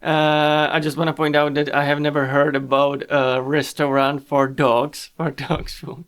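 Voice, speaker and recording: Slow, halting male commentator. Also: on the high side, level tone, a bit bright, smooth. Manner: halting, repeats phrases. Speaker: reaction video host. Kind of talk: casual commentary.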